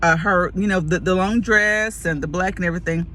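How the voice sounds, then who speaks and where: A woman telling a casual story to camera, lively and laughing, acting out the people in it. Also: on the low side, a little fast, a little hiss or hum. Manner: animated, acts out quoted voices, laughs often.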